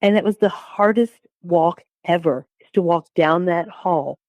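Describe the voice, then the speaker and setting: A woman in her sixties giving a personal testimony as an interview guest, halting, with repeated words and restarts. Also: on the low side, no echo, dull audio. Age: 60s.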